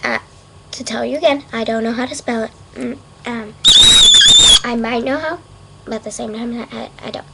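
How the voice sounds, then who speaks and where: A woman of Mexican background giving a casual webcam vocabulary lesson at her desk, unsure of herself and repeating words slowly. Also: on the high side, gravelly, heavy background noise. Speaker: amateur language teacher. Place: home room at a desk.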